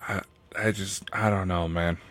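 A man's voice: sits low, steady tone, normal speed, fairly bright tone. A man co-hosting a casual podcast chat, laid-back and dry, with sighing asides. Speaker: co-host.

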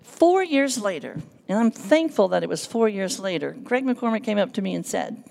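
Gravelly earnest woman giving testimony. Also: medium pitch, moderate pace. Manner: earnest, emotional storytelling with lively quoted dialogue. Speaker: church intercessor giving testimony. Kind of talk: personal testimony from the pulpit. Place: church sanctuary.

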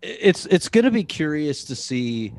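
A man's voice: on the high side, sing-song, measured pace, darkish tone, no echo. A man hosting a podcast in casual chat, rambling and profane, with lots of fillers. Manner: rambling, full of "like" and restarts, profane. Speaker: podcast host.

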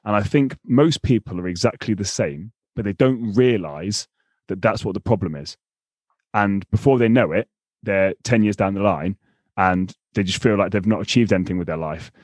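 A man's voice: on the low side, moderate pace, a little mellow, dry recording. British man, dry-sounding remote mic. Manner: restarts often, sarcastic asides. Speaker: podcast host and coach. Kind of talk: casual interview chat.

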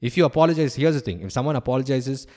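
A man's voice: mid-range voice, expressive, very fast, warm tone. A man, a stand-up comedian, talking in a candid, opinionated podcast monologue and swearing freely.

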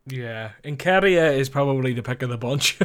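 A man's voice: medium pitch, expressive, normal speed, fairly bright tone, smooth. A man co-hosting a casual podcast, opinionated and frank, laughing easily and swearing mildly. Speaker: podcast co-host. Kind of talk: casual chat.

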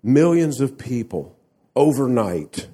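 A male preacher delivering a sermon at an unhurried pace. His voice is mellow and warm, and he leans on emphatic rhetorical questions to his listeners. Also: mid-range voice, big pitch swings, slightly rough. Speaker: pastor.

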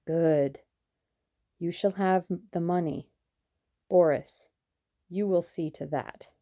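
A woman reading an audiobook, voicing a soft-spoken, sinister male conspiracy leader with sibilant speech. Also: fairly low pitch, slow, dry recording, studio quality. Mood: cold. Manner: quiet, menacing.

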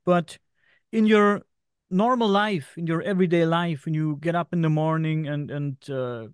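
A man's voice: on the high side, fairly even intonation, moderate pace, clear, resonant tone, dry recording, clean studio sound. Curious, reassuring man interviewer. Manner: reassuring, curious, loosely phrased questions. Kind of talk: casual interview questions.

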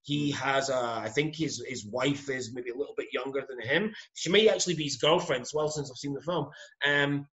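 A man's voice: medium pitch, a little fast, hardly any pauses, a bit bright, lo-fi sound. A Scottish man co-hosting a podcast, chatting casually in a blunt, teasing, jokey way. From Scotland. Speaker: podcast co-host. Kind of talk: casual chat.

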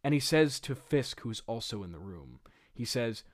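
A man's voice: medium pitch, very animated, normal speed. A young man giving comedic commentary on his old script, incredulous, laughing and rambling. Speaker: host.

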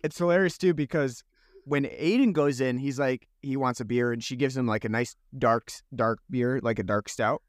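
Male podcast co-host, mid pitch, dry close sound, rambling sarcastic movie chat. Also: moderate pace, dry recording. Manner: rambling, sarcastic, restarts phrases. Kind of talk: casual movie review chat.

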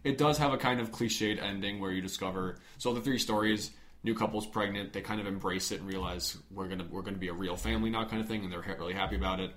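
A man's voice: lowish voice, steady tone, quick pace, a bit bright. A young man co-hosting a podcast, chatting casually and rambling with frequent restarts. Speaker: podcast co-host. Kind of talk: casual chat.

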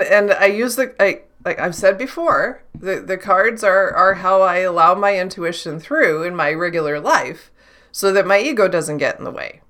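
A woman who works as an intuitive channeler thinks aloud in a reflective solo talk, questioning herself and often restarting her sentences. Her voice is mid-range with a fairly bright tone.

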